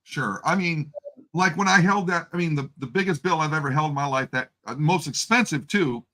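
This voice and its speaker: A man co-hosting a coin collecting livestream, talking with chatty enthusiasm. His voice sits high for a man. The tone is bright and sharp. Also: brisk. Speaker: co-host of a coin collecting stream. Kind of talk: casual chat.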